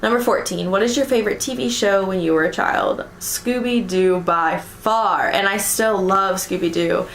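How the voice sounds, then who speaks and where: A young American woman vlogger chats casually through a list of tag questions at normal speed with hardly any pauses, her medium-pitched voice fairly bright. She giggles often and fills with ums and likes, and the audio sounds roomy with a little hiss or hum.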